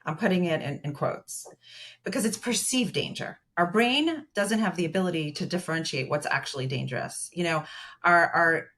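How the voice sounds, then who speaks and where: Woman therapist, podcast guest, lowish voice, chatty, filler-heavy explainer. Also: expressive, normal speed, a bit bright. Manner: explains at length with many fillers, retells client dialogue. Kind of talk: conversational podcast interview.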